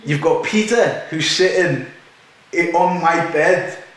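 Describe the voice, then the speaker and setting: A man, hosting a podcast and telling a story in casual, animated chat, laughing as he goes. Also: fairly high pitch, slow pace. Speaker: podcast host. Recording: echoey room.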